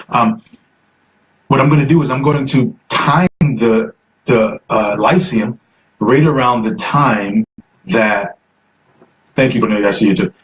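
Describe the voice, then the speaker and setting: Chatty man hosting a live call-in stream. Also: mid-range voice. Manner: chatty, coaxing viewers to call, reads comments aloud. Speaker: host. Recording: distant mic, faint noise.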